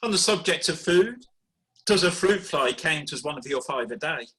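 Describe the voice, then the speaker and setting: A man reading comic rhyming poetry in a deadpan, wry way over a video call. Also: fairly high pitch, moderate pace, low-quality recording. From Birmingham, England. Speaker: performance poet.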